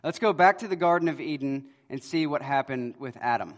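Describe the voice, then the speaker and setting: Man, preacher, sermon, storytelling, loud emphasis and hushed lines, long hall reverb. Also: brisk. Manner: storytelling, swings between loud emphasis and quiet low lines. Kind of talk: expository sermon.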